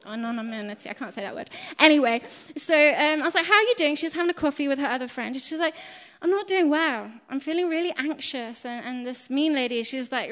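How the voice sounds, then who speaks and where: A high-pitched woman preaches in a lively, conversational way, telling stories and laughing at her own slips. Her voice carries a long reverb from the hall around her. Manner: chatty and animated, laughs at herself. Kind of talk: storytelling sermon. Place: church hall.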